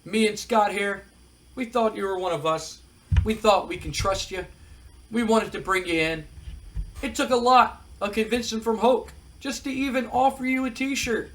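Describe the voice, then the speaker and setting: A man's voice: high voice, moderate pace, pitched above the performer's own voice, natural voice. A man doing a drawling, mocking big wrestler. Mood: mock hurt. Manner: drawling, coaxing, keeps saying man. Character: laid-back big male wrestler, smooth and mocking.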